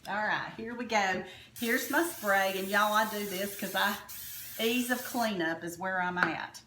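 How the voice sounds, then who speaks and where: Southern woman, home cooking host, folksy and gushing, mid-pitched voice in a roomy kitchen with a faint hiss. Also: a little slow, bright, forceful tone. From Alabama, US South. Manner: folksy, enthusiastic, keeps addressing viewers as y'all. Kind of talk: chatty cooking demonstration.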